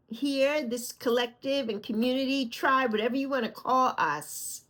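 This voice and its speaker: A woman's voice: high voice, normal speed, few pauses, a bit bright. A middle-aged woman from the Bronx with a New York accent, rambling affectionately to her viewers from her bed in a casual vlog. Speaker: vlog host. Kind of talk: casual chat. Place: lying back on her bed at home.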